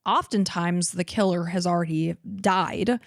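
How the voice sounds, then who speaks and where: A woman's voice: fairly low pitch, a little slow, no room sound, clean studio sound. A woman with a slight Chicago accent, co-hosting a true-crime podcast in casual, earnest conversation. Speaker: podcast co-host.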